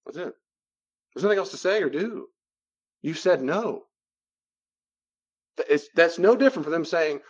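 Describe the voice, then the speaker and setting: His fairly high voice is expressive, with a moderate pace, long pauses, and the highs cut off. A Christian counselor, he teaches on boundaries in a conversational talk, lively acting out both sides of ordinary conversations.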